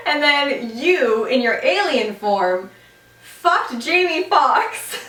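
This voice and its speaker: Young female podcast co-host, lively storyteller, a bit high, recorded distant and roomy. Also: takes it slowly. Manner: animated storytelling, swears, laughs often. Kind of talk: casual chat. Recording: echoey room, voice off-mic.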